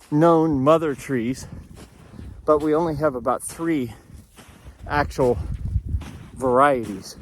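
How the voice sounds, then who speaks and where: A chestnut farmer, a man, out of breath as he trudges through deep snow outdoors and explains his orchard in a plainspoken, casual way. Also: slight background noise. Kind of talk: casual walking vlog narration. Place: outdoors in a snowy hillside orchard.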